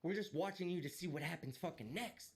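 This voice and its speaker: A man's voice: on the high side, fairly quick. A man streaming live, delivering a heated, profane and mocking rant. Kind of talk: ranting live stream commentary.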